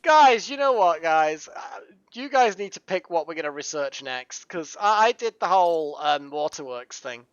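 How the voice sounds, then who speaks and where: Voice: medium pitch, expressive, moderate pace, clear, resonant tone, no echo. A streamer chatting casually through a live game session, giggling often and rambling through restarts. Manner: giggly, keeps breaking into laughter; rambling, full of restarts and fillers. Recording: dull lo-fi dry mic.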